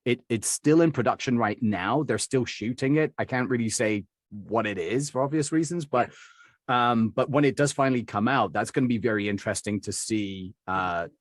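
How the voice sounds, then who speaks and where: A man's voice: medium pitch, normal speed, dry recording, studio quality. A middle-aged man from Birmingham, England, answering interview questions as a dialect coach, rambling with many fillers and restarts. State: recovering from covid.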